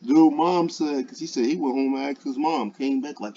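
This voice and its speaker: A man's voice: mid-range voice, normal speed, few pauses, mellow, lo-fi sound, slight background noise. A man preaching in a loose, profane, conversational way, full of fillers. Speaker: online preacher. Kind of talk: casual streetwise preaching commentary.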